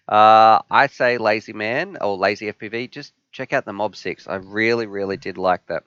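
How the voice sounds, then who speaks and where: A man's voice: on the low side, moderate pace, hardly any pauses, fairly bright tone, smooth, no echo, muffled recording. A man with an Australian accent hosting a live stream Q&A, upbeat as he reads viewer questions aloud and answers them. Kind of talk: live stream Q&A, casual chat.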